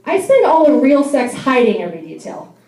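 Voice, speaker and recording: A woman's voice: sits high, big pitch swings, fairly quick, warm tone, reverberant, low-quality recording. Wry, self-deprecating young woman comic. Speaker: stand-up comedian. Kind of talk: stand-up comedy set. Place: bar venue.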